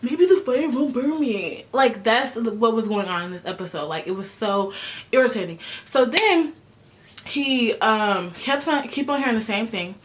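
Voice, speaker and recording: A woman's voice: fairly high pitch, expressive, moderate pace. A young woman giving a chatty, sassy recap of a reality show, full of slang. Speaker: recap vlogger. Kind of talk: casual TV recap.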